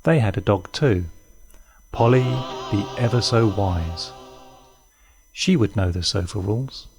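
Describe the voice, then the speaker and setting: A man reading a children's story aloud in an expressive way. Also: on the low side, slow, music in the background. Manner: warm, expressive read-aloud.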